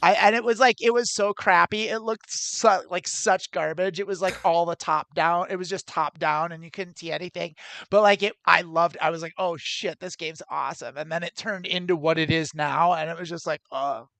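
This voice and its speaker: A woman with a gravelly, bright edge to her voice chats loosely as a podcast co-host, rambling, trailing off and laughing often. Her voice sounds close and dry. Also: on the low side, fairly even intonation, brisk, no echo. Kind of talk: casual chat.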